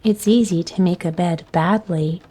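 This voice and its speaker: A woman's voice: on the low side, moderate pace, warm tone, natural voice. A bossy, practical young girl Rosie, as a woman reader puts her on. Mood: scornful. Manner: firm, commanding, sometimes scornful.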